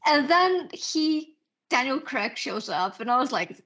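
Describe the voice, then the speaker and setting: A woman's voice: high voice, big pitch swings, measured pace, a bit bright. A woman co-hosting a podcast in casual chat, swearing freely and laughing, with many fillers. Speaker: podcast co-host. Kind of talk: casual chat about books and films.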